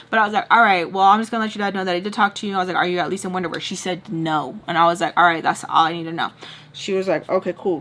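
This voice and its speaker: A woman's voice: mid-range voice, a little hiss or hum. A woman vlogger telling a story casually, acting out both sides of the arguments. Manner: fast animated retelling, acts out both sides of arguments. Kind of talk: casual storytime, quoting others.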